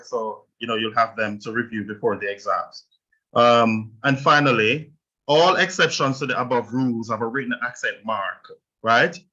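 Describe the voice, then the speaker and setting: A man's voice: medium pitch, sharp tone. A man with a Jamaican accent hosting an online language workshop, explaining rules and checking in with the class. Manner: explanatory, checks in with "right?" and "okay?". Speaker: workshop host and teacher. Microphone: video call. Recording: lo-fi video call audio.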